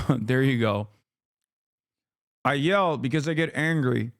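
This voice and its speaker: A man's voice: medium pitch, takes it slowly, no echo. Heated, profane male streamer, dry sound. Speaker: streamer reacting to a clip. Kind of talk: live-stream commentary.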